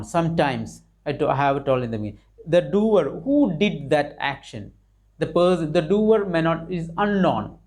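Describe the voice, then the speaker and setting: A man's voice: a little high, a little mellow. A man teaching an English grammar lesson, explaining with repetition, restarts and fillers, rising on questions to his learners.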